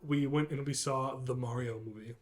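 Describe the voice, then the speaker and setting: A man's voice: medium pitch, steady tone, moderate pace, faint music behind. A man co-hosting a casual podcast, talking in a rambling, enthusiastic way with lots of fillers. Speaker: podcast co-host. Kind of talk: casual chat.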